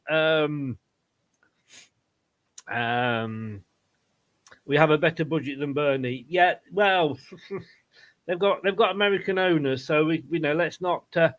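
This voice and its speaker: A man hosting a casual football watchalong, chatting with guests and reading viewer comments in quick asides. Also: fairly high pitch, fairly bright tone. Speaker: host.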